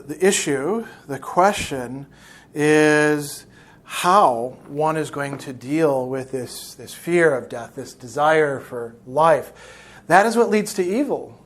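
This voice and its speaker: A man with a fairly high voice gives a philosophy lecture on a novel. He talks in a thoughtful, explanatory way, working through ideas as he goes. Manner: reflective, explanatory. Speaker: philosophy teacher.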